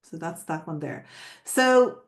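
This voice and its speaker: A woman's voice: deep voice, big pitch swings, slow. A woman coaching florists on selling, explaining in a conversational way and often checking in with her listeners. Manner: explains with frequent check-in questions and repetitions. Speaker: sales coach teaching florists. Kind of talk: spoken teaching.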